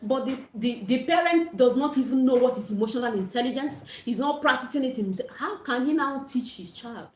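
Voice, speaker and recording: A woman's voice: high-pitched, lively intonation, fairly quick, few pauses, a little mellow, a little hiss or hum. Earnest woman coach in echoey room. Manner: earnest, repeats key points, blesses viewers. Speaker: parenting coach. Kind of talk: livestream teaching talk.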